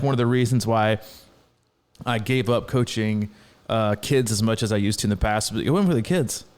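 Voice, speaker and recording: Rambling, laughing male podcast host. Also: mid-range voice. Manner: rambling, animated, laughs often, many restarts. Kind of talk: casual chat, storytelling.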